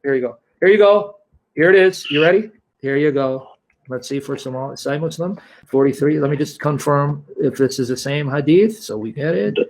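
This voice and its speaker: A man's voice: a little high, normal speed. A man arguing in a heated online debate, combative and mocking, often talking over his opponent.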